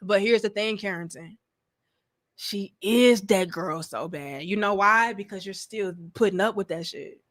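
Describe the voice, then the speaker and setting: A woman hosting a casual livestream, reading chat comments and giving blunt, profane, animated advice. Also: medium pitch, a little slow.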